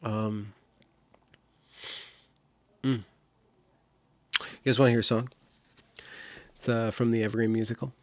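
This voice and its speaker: Man, livestream host, rambling, apologetic, voice in rough shape, dry close sound. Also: fairly low pitch, level tone, measured pace, long pauses, dry recording. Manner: rambling, apologetic, loses his train of thought. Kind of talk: casual livestream chat.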